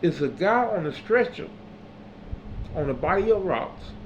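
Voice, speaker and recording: A man telling a personal story as a monologue, acting out the dialogue and building to loud, emphatic peaks. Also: sits high, sing-song, measured pace. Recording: slightly dull audio with faint background hum.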